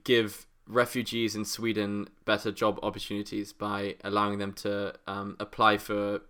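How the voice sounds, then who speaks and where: A man's voice: on the low side, completely flat delivery, normal speed, pushed and bright, clean tone. A British man co-hosting a podcast, telling stories in a rambling, chuckling way. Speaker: podcast co-host. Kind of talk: casual chat.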